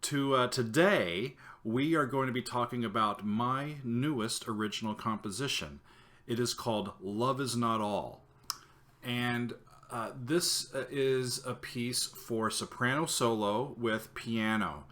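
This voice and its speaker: Earnest man with a bright, forceful voice. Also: mid-range voice. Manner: halting, many filler pauses, earnest. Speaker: composer and show host. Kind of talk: casual talk to camera about his music.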